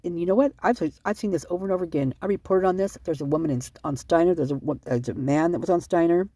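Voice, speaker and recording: A vlogger reading out police reports and rambling in commentary, upset and short on sleep, talking fast and cutting themself off. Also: medium pitch, dark tone, no room sound. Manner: fast, rambling, self-interrupting.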